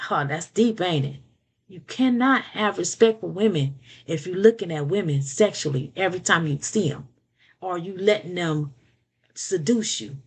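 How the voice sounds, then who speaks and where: A woman's voice: fairly low pitch, slightly rough. An older woman giving blunt, preachy relationship advice in a casual monologue, often repeating words and checking in with "okay?".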